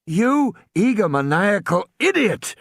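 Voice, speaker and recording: A man's voice: fairly high pitch, very animated, unhurried, a bit bright, no echo, studio quality, voice pushed up. A man voicing a weary, scornful mathematician who lectures with contempt.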